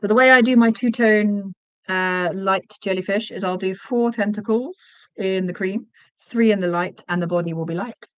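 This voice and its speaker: A woman hosting a casual livestream while she crochets. She chats, gets sidetracked, and counts her stitches out loud. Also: mid-range voice, moderate pace, no echo. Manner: chatty and easily sidetracked, counts stitches aloud. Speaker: livestream host.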